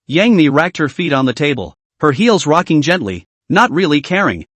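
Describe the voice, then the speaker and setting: A man's voice: a little high, very animated, moderate pace, few pauses, a bit bright, dry recording. A man narrating a web comic recap, telling the story steadily with asides to viewers.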